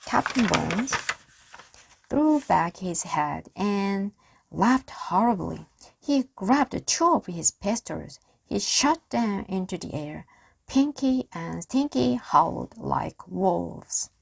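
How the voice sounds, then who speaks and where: A woman reading a children's chapter book aloud, slow and expressive. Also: mid-range voice, gravelly, husky, no room sound. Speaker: reader.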